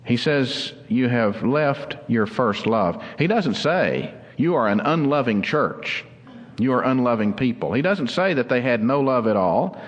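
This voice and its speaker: Earnest pastor preaching in a reverberant hall. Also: male voice, mid-range voice, big pitch swings, muffled recording. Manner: earnest, explanatory, slows down for emphasis. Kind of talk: sermon.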